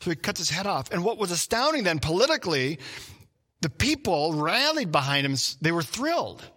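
A male pastor preaching a sermon, opening with a personal hunting story, animated and acting out shouts and his own thoughts as he tells it. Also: high voice, brisk, big-room sound.

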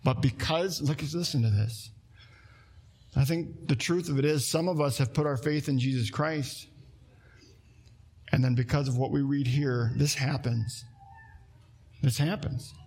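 A man's voice: mid-range voice, unhurried, long pauses, a little mellow, breathy edge. A man preaching a sermon as a pastor in a church, reading scripture aloud and putting earnest, direct questions to his congregation.

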